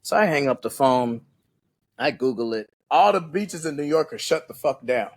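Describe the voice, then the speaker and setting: A man in his forties, a podcast guest and former Navy SEAL, telling stories in a casual, profane, animated way and laughing often. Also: mid-range voice, moderate pace. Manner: profane, animated, laughs a lot, does voices.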